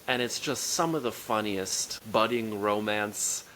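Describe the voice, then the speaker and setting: A man co-hosting a podcast, chatting casually and enthusiastically about a film, rambling with quick restarts. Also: fairly low pitch, bright, forceful tone, slight background noise, low-quality recording. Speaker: podcast co-host. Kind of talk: casual film review chat.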